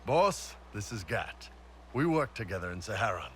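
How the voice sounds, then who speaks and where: A man's voice: on the low side, big pitch swings, normal speed, a little hiss or hum. An actor playing a blunt, wry male mercenary warrior in a video game.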